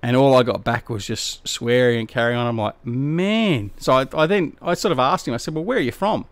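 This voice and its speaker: A man's voice: mid-range voice, brisk, clean tone, no room sound. A middle-aged Australian man chatting casually on a game live stream, rambling and slangy as he answers his viewers. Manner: laid-back, rambling, slangy.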